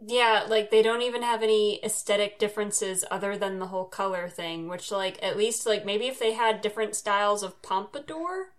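A woman's voice: medium pitch, fairly even intonation, normal speed, few pauses. A woman co-hosting a podcast in casual chat, with frequent laughter and short, dry quips. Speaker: podcast co-host.

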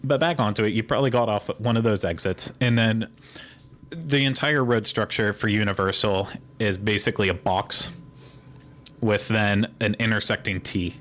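A man's voice: lowish voice, normal speed, a bit bright, slight background noise. A man with a Pittsburgh accent hosting a podcast, explaining in a rambling, digressive way in casual chat. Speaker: podcast host.

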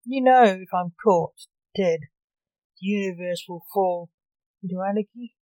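Woman doing a grave male doctor of death, slow and dark-toned. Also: medium pitch, dry recording, muffled recording, lightly acted.

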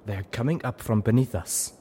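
Man putting on a zebra mare, slightly raised voice, measured and instructive, storybook reading. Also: mid-range voice, warm tone, slight background noise, pitched above the performer's own voice, lightly acted. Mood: instructing. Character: calm knowing female zebra healer.

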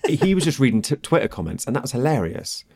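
A man's voice: medium pitch, very animated, fast talker, darkish tone, husky. A man co-hosting a podcast in casual chat, making laid-back, wry remarks. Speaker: podcast co-host.

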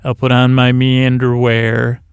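A man hosting a bedtime podcast in a soft, lulling, creaky voice, meandering goofily through asides and restarts, recorded in a closet. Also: mid-range voice, monotone, measured pace, no room sound. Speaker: podcast host. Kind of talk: rambling bedtime podcast monologue.

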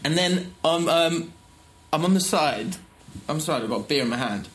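A man's voice: fairly high pitch, moderate pace. A man, telling stories in a casual podcast chat and laughing as he goes. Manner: animated, laughs through his anecdotes. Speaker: podcast co-host.

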